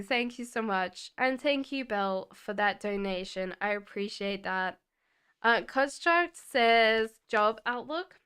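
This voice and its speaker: A woman's voice: a little high, expressive, slow pace, a bit bright, clear, resonant tone. A woman hosting a live-stream tarot reading, chatting casually and reassuring viewers by name as she answers their questions. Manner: hums while shuffling cards.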